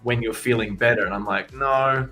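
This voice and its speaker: A man's voice: fairly low pitch, steady tone, normal speed, sharp tone. A man on a music feedback panel, talking casually and frankly, rambling with restarts.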